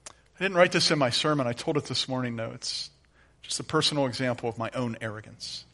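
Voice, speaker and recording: A middle-aged man preaching a sermon as pastor, moving from quiet, conversational storytelling to emphatic, rising declarations. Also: mid-range voice, fairly quick.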